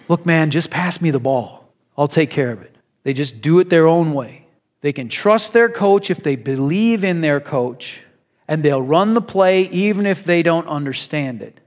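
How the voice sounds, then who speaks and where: Man preaching, storytelling sermon, conversational and animated, high voice, long hall reverb.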